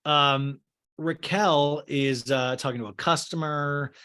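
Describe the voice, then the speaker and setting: A podcast host with a voice on the high side speaks slowly, with fairly even intonation and a pushed, bright, clean tone. His casual comedic recap of a show is rambling, jokey, and full of fillers.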